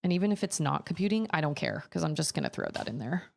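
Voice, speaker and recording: A woman's voice: deep voice, expressive, fast, gravelly, a little mellow. A woman streamer in her thirties, chatting casually and telling an exasperated, rambling story full of quoted back-and-forth. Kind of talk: casual chat while gaming.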